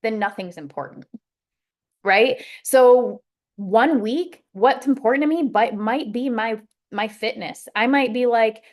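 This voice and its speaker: Chatty woman with a slightly high voice. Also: measured pace, a little mellow. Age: adult with a child. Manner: chatty, rambling with many fillers and restarts. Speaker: sales team leader. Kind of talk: casual motivational coaching talk.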